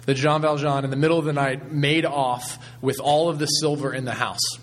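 A man preaching a sermon as pastor, retelling a story in a measured way with frequent ums. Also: fairly high pitch, fairly even intonation, a little hiss or hum.

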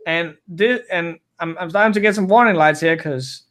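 A man's voice: on the high side, normal speed, a bit bright. A man who is not a native English speaker, telling a long story in casual podcast chat, rambling with many restarts. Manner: rambling, frequent restarts and self-corrections. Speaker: guest storyteller.

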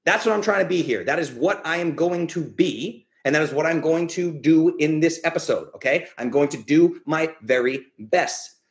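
A man's voice: a little high, normal speed, few pauses. Blunt, ranting man in a roomy space. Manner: blunt, ranting, swears freely; emphatic, repeats points for stress. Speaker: podcast host. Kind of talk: live-streamed podcast monologue. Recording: roomy echo.

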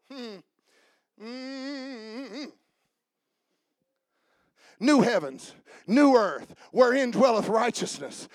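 High-voiced preaching man, dry sound. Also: no room sound. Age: 40s. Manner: shouting and half-singing at climaxes; quiet conversational storytelling. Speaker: pastor. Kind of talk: sermon. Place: church.

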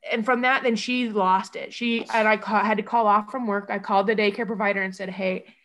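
Halting emotional woman recounting her story. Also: medium pitch, fairly even intonation, fairly bright tone. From Iowa. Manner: halting, emotional, many false starts. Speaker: mother telling her own story. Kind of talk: personal recounting.

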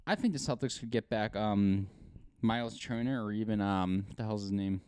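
A man's voice: lowish voice, normal speed, darkish tone, clear, resonant tone, dry recording. Man, sports podcast co-host, rambling takes, dry close-miked sound. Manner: rambling, restarts, eager opinions. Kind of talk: casual sports chat.

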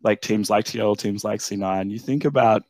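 A young man from Australia calls in with a low voice and talks in a loose, rambling way full of fillers. His line sounds dry and close. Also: normal speed, darkish tone, dry recording. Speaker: caller. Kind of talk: casual esports discussion.

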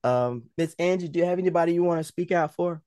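A man co-hosting a podcast in casual, joking banter, his voice hoarse from recovering from an illness. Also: fairly high pitch, fast, dark tone, dry recording, studio quality. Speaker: podcast co-host.

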